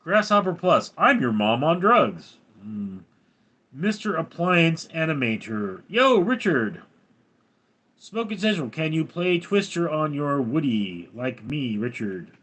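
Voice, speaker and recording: An older man hosting a livestream, reading viewer comments aloud in a dry, deadpan way. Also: a little high, takes it slowly, breathy edge. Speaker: livestream host reading chat. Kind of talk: casual livestream chat.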